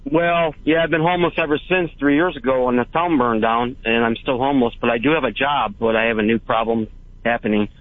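A man calling in to a radio show who speaks haltingly, with pauses and fillers between phrases. His voice comes through a tinny, narrow phone line at a middle pitch. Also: fairly even intonation, no room sound. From Hawaii. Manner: hesitant, halting, many fillers. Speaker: caller.

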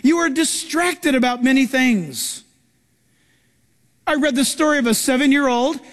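Recorded live in a reverberant hall, a pastor delivers a sermon in an extremely high-pitched, unhurried voice. He tells stories with animation and acts out the voices of the people in them.

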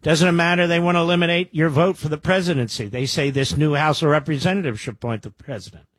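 A man's voice: a little high, fast, breathy edge, dry recording, studio quality. A man in his sixties from the Philadelphia area, hosting a combative talk radio show with a sarcastic, mocking delivery. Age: 60s. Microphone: studio microphone.

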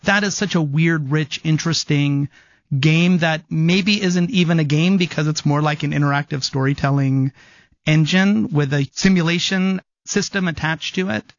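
A man's voice: a little high, moderate pace, no echo, lo-fi sound. A man, a game design professor, speaking thoughtfully and articulately in an interview. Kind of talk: interview conversation.

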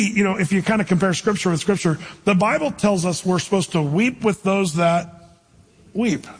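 A male pastor preaching a sermon in a lively, conversational way, with jokey asides. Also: high-pitched, slightly rough, long reverb tail.

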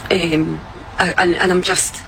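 A woman's voice: fairly low pitch, level tone, unhurried, creaky, fairly bright tone, slight background noise, low-quality recording. A woman with a Scottish accent delivering a heartfelt, grateful message. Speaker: visitor giving a message in a clip.

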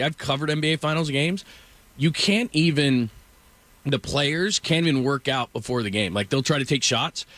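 A man's voice: medium pitch, a bit bright, no room sound. Rambling middle-aged male sports host. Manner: rambling storyteller with frequent asides. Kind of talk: casual sports talk.

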